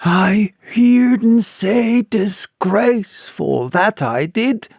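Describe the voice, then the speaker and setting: A man voicing a slow-witted male country innkeeper in an audiobook, with plain rustic speech. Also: fairly high pitch, big pitch swings, dry recording, studio quality, full character voice. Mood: calling out.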